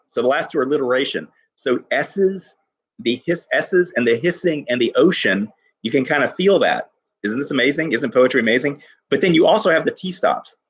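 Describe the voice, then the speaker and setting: A male teacher giving an enthusiastic poetry lesson to his class, reading lines slowly and stressing each syllable. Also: mid-range voice, lively intonation, a bit bright, breathy edge.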